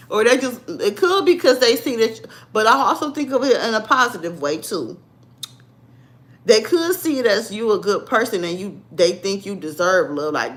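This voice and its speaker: A woman's voice: fairly high pitch, expressive, measured pace, a bit bright. A young woman, talking bluntly and sassily to her livestream viewers in a casual chat. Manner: blunt, sassy, talks straight to viewers. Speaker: livestream vlogger.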